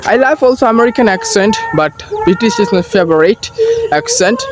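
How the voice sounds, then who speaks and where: A young man with a Bangladeshi accent speaks earnest, halting English, restarting his sentences as he walks past paddy fields. His voice sits fairly high. He records on a phone on a selfie stick, and clear outdoor noise is heard behind him. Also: animated. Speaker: vlogger practicing English. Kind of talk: casual walking vlog.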